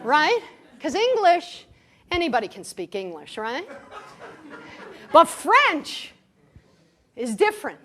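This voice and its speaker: A woman's voice: high voice, slow, long pauses. A woman spiritual teacher giving an inspirational talk to a live audience, telling stories playfully and often checking in with "right?". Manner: animated storytelling, playful, keeps asking "right?". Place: room with an audience.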